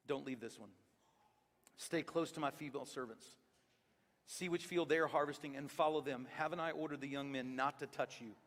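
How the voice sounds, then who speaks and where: A man preaching a sermon as a pastor, conversational and animated, acting out the dialogue and dropping from loud to hushed. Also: on the high side. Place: church sanctuary. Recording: long reverb of a large church hall.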